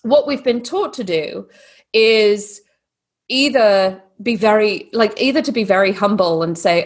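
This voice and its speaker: A woman with a blended British and Texan accent that sounds Australian, speaking as a podcast guest in a lively, animated way. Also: medium pitch, measured pace. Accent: mixed British and Texan, sounds Australian. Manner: lively, animated storytelling with put-on voices. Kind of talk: casual podcast interview.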